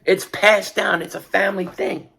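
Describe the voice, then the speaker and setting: Older guy ranting hard about his football team, husky, kinda high voice, gets loud. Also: fairly even intonation, normal speed. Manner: fervent, repetitive, rising to shouts. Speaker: sports vlogger. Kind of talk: impassioned fan rant.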